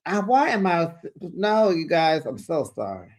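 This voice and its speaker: A host giving a casual, gossipy recap of a reality-TV reunion, sassy and quick to laugh. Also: medium pitch, big pitch swings.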